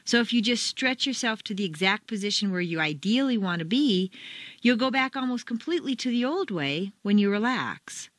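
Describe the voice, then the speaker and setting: A woman reading a scripted pronunciation lesson, clear and deliberate as she demonstrates where the stress falls. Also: mid-range voice, lively intonation, no echo. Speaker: accent coach. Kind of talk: scripted instructional narration.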